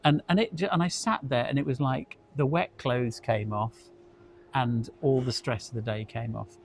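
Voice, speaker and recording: A man's voice: medium pitch, moderate pace, creaky, a little hiss or hum. A middle-aged man, co-hosting a casual industry discussion and telling chatty anecdotes, sometimes repeating words as he goes. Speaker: co-host, hospitality industry expert.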